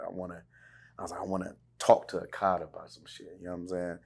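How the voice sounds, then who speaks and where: Brief: male podcast host, very deep and gravelly, laid-back slang-heavy talk. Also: fast talker. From California. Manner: laid-back street slang, animated impressions. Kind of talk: casual interview chat.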